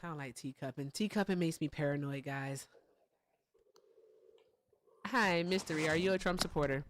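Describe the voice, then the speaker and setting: A woman's voice: deep voice, normal speed. A woman hosting a casual livestream, playful and teasing, laughing often as she quizzes callers. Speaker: livestream host.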